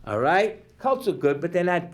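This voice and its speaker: A man with a New York accent hosting a live local-TV football picks show, rambling and jokey with sudden bursts of excitement. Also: high-pitched, normal speed. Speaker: TV host. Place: community TV studio.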